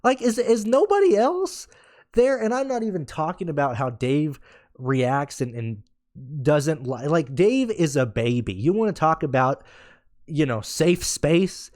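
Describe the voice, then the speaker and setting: Blunt ranting man with a higher voice. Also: sing-song, measured pace, darkish tone, dry recording, clean studio sound. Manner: blunt, sarcastic, swears freely; rambling with many restarts. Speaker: podcast host. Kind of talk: casual rant.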